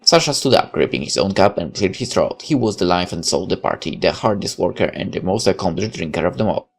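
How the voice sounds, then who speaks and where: Low gravelly guy reading a visual novel out loud, tosses in little side comments, faint music behind. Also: lively intonation, fast talker. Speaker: narrator. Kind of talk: reading a visual novel aloud with casual asides.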